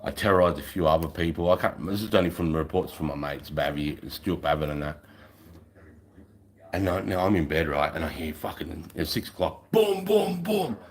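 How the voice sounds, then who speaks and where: A middle-aged Australian livestream host tells a rambling, casual story, swearing freely and ending lines with "right?". He has a bass voice with a steady tone and speaks a little fast.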